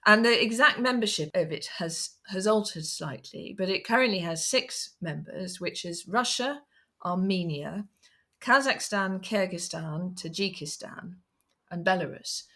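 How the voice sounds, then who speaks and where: A middle-aged British woman with a slightly low voice. She co-hosts a podcast, framing questions in a thoughtful, self-correcting way with a dry wit. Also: expressive, unhurried, bright, forceful tone. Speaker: podcast co-host. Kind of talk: conversational expert discussion.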